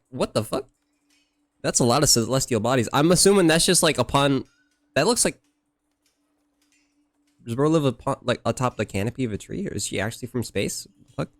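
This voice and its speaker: A man streaming a game, chatting casually and cursing in surprise between joking, rambling asides. His voice sits at a middling pitch.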